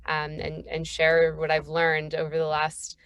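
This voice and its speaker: Panelist: woman from Boston, low and steady voice, conversational, dry close recording. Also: unhurried, clear, resonant tone, dry recording. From Boston, Northeast US. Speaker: panelist, company founder. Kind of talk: virtual panel introduction. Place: dialing in from the road.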